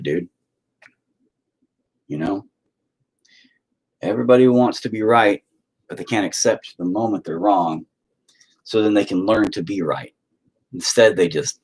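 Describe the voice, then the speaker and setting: A man's voice: low-pitched, a little mellow, husky, rough recording. A man giving a casual, rambling monologue, emphatic and heavily profane.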